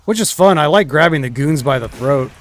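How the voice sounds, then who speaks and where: A man's voice: a little high, lively intonation, a little fast. A young man streaming a shooter game, chatting casually and trailing off into mumbled asides. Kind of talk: casual gameplay commentary.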